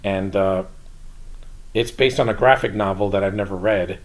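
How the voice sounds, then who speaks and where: Male vlogger, slightly low voice, loose rambling delivery, frank opinions. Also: moderate pace. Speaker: YouTube movie reviewer. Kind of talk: casual solo review.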